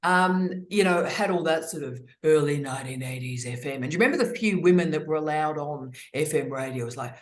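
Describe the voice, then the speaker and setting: A middle-aged woman hosting an online discussion, talking in an effusive, expressive way over a video call. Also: low-pitched, a little fast, few pauses, echoey room. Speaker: host. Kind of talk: casual webinar discussion.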